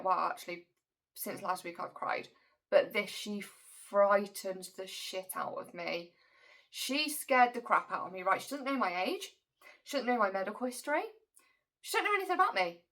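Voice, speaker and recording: Emotional woman telling a story. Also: mid-range voice. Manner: emotional, animated retelling with quoted dialogue. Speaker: vlogger. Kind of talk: personal storytelling vlog.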